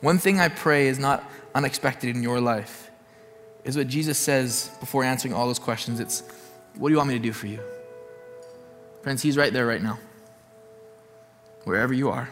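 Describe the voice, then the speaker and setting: A man's voice: medium pitch, normal speed, long pauses, fairly bright tone, long reverb tail, faint music behind. A man preaching a sermon as a pastor, earnest and repeating his points for emphasis.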